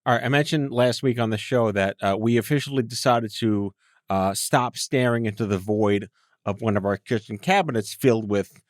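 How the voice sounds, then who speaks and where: A man's voice: fairly low pitch, moderate pace, no room sound, studio quality. A man co-hosting a podcast in casual chat, rambling and joking with his co-host. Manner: jokey, rambling, playful.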